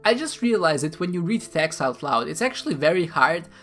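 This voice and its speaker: Snarky streamer, casual let's-play commentary, flat text reading, mid pitch, faint music behind. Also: brisk. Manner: snarky, jokey, reads texts in a flat robotic way. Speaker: gaming streamer.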